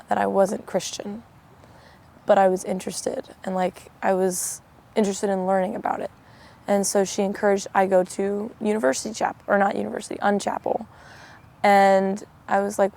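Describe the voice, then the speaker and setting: Young woman with a gravelly, flat voice. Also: medium pitch. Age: young adult. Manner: chatty, peppered with "like", acts out quoted exchanges. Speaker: interviewee sharing testimony. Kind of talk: personal testimony, casual storytelling.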